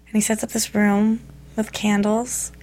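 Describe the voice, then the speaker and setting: A woman's voice: medium pitch, little pitch movement, unhurried, darkish tone. A young woman hosting a casual recap chat, telling the story animatedly and acting out scenes as she goes. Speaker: podcast host.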